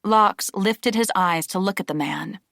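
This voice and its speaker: A woman reading a novel aloud as an audiobook narrator, steady and measured. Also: medium pitch, vocal fry, no echo, clean studio sound. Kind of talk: scripted narration.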